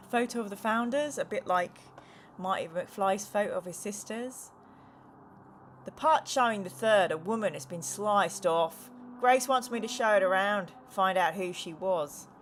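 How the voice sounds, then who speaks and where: A woman's voice: medium pitch, slight background noise. Lady streamer nattering away over a game, reading out chat, jokey. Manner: chatty, reads chat comments aloud, jokey asides. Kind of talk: casual live-stream chat while gaming.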